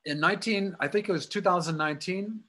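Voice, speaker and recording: A man's voice: sits high, fast, fairly bright tone. A man with a Chicago accent giving a storytelling library talk as a guest speaker, full of anecdotes. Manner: anecdotal, acts out quoted voices.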